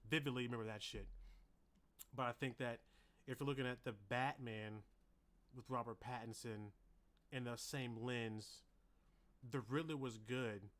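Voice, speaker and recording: Animated, swearing man in casual podcast chat. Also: mid-range voice, measured pace, pauses often. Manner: animated, swearing, acts out quotes loudly. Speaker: podcast co-host.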